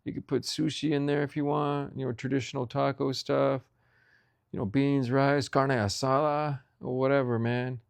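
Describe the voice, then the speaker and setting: A man's voice: medium pitch, little pitch movement, normal speed, vocal fry, no echo, voice pushed up, lightly acted. A man putting on a laid-back young buddy at a taco truck, talking in a surfer-style drawl full of "dude" and "man". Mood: excited.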